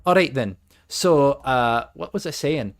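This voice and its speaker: A man's voice: medium pitch, animated, measured pace. A man running a tabletop game on a live stream, chatting casually, joking, swearing and laughing often.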